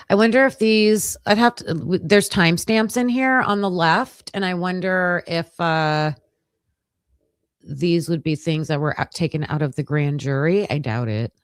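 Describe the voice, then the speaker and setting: Lower-pitched woman reading case files aloud. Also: lively intonation, a little slow, no echo, studio quality. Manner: thinks aloud while skimming pages, hesitant restarts. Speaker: true-crime livestream host. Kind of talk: casual live commentary reading case documents aloud.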